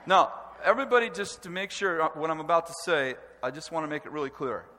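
A man preaching a sermon with animated, emphatic delivery and stresses that rise to a shout. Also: fairly high pitch, fast talker. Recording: long hall reverb.

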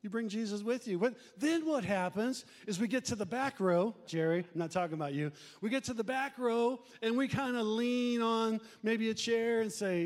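A middle-aged male pastor preaching a conversational sermon, animated and acting out church members. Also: high-pitched, normal speed. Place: church sanctuary. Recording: long reverb of a church hall.

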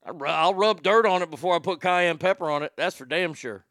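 A man's voice: on the high side, fairly quick, fairly bright tone, dry recording, studio quality. A man hosting a show, talking in a folksy, rambling, profane way with many restarts. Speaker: show host. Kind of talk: casual talk-show monologue.

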